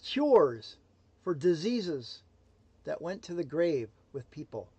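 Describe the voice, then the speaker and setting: High-voiced emphatic motivational speaker man. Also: very animated, slow, husky, dry recording. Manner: emphatic, swings between loud and hushed. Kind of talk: motivational livestream talk.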